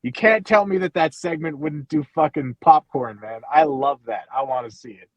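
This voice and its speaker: Man, co-host, husky, blunt and profane, dry close mic. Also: a little high, normal speed, no room sound, dull audio. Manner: blunt, profane, riffs on silly ideas. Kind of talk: casual wrestling talk podcast.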